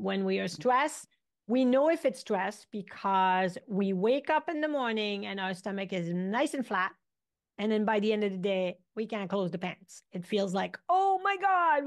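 A woman in her fifties, an acupuncturist guest, chatting casually and telling animated stories in which she acts out what people said. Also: medium pitch, gravelly. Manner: animated storyteller, acts out quotes. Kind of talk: casual interview chat.

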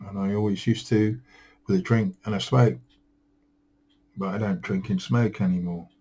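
A man's voice: fairly low pitch, fairly even intonation, normal speed, dark tone, slightly rough, poor audio. A tired man rambling through a home vlog, weary and self-deprecating, grumbling at himself. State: tired, yawning. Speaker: vlogger.

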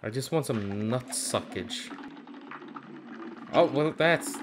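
A young man commenting on his own gameplay, cursing a lot and swinging between angry yelling and low muttering. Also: lively intonation, takes it slowly, pauses often, background noise. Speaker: gaming channel host.

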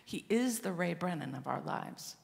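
A woman pastor preaching a sermon as a story, swinging between loud passages and hushed ones, recorded in a church sanctuary. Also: lowish voice, animated, moderate pace, vocal fry, long reverb tail.

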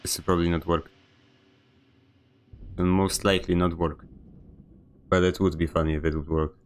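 A man's voice: low-pitched, flat delivery, moderate pace, clean tone. A man streaming a video game, giving a sarcastic, grumbling running commentary. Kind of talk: live gameplay commentary.

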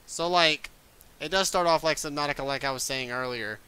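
A young man giving casual gameplay commentary, excitable, swearing often and yelping at scares. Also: on the high side, a little fast, clean tone. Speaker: gaming video creator.

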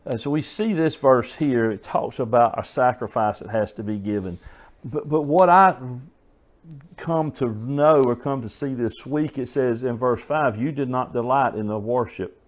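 A man preaching a sermon, earnest and folksy, telling stories and often restarting his phrases. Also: medium pitch.

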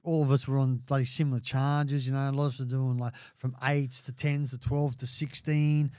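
A man's voice: mid-range voice, normal speed, no echo. A middle-aged Australian man telling stories bluntly in a casual podcast chat, full of swearing and acted-out quotes. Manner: blunt, sweary, animated when quoting others. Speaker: podcast guest.

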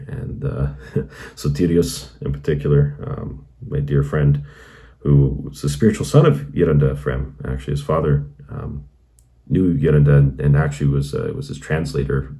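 A man with an extremely deep voice and a dark, mellow tone tells his own conversion story for his channel. He talks in an earnest, meandering way and leans often on "you know". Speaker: channel host.

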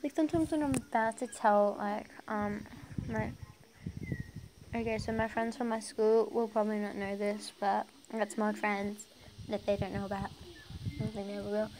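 A woman's voice: mid-range voice, level tone, moderate pace, background noise. A young woman reading a fan story aloud, breaking off to giggle and comment, often stumbling over words. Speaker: fan fiction reader.

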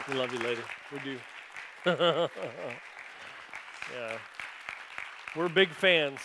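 A man's voice: medium pitch, takes it slowly, a crowd in the background, noisy background. A male pastor speaks to his congregation in an ordinary mid-range voice, encouraging them and building up to fervent calls for praise. The people in the pews can be heard faintly behind him. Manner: warm encouraging, rising to fervent exhortation. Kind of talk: sermon. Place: church sanctuary.

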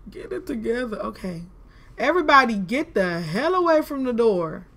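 A woman's voice: fairly high pitch, sing-song, normal speed, fairly bright tone. A woman giving casual let's-play commentary, chatty and talking to herself, with frustrated exclamations. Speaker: gaming video creator.

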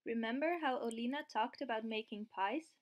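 A woman reading aloud as a gentle, calm young queen. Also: on the high side, normal speed, lightly acted.

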